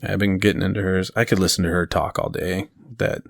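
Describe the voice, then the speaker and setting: Male podcast co-host, very low voice, rambling casual storyteller who laughs at his own bits. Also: level tone, fairly quick, vocal fry. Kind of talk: casual chat.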